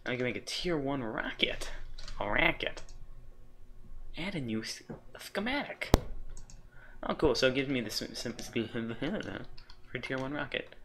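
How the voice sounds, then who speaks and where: A man's voice: medium pitch, unhurried, sharp tone, slight background noise. A man hosting a game let's play, chatting casually and trailing off mid-thought, easily delighted and chuckling at himself. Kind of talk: casual gameplay commentary.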